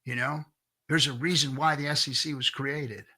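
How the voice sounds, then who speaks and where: A man's voice: mid-range voice, steady tone, normal speed, sharp tone, husky. A middle-aged man hosting a casual livestream, ranting bluntly with lots of swearing and restarts, reading chat comments. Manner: blunt, profane, restarts often.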